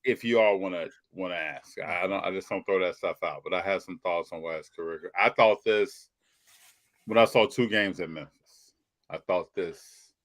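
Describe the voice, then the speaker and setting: A man's voice: deep voice, fairly bright tone. A man hosting a live sports and trading card podcast, chatting casually and greeting viewers by name. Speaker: podcast host. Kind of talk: casual live show chat.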